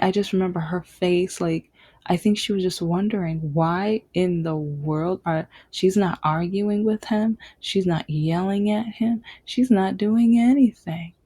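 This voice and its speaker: A woman's voice: mid-range voice, mellow. A young adult woman vlogging, candidly and emphatically telling a personal story. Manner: candid, emphatic, acts out quoted dialogue.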